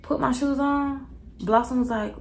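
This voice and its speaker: Young woman vlogger, casual storytime, animated and slangy, gravelly fry. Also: sits high, measured pace, rough recording. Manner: animated, slangy, talks straight to viewers.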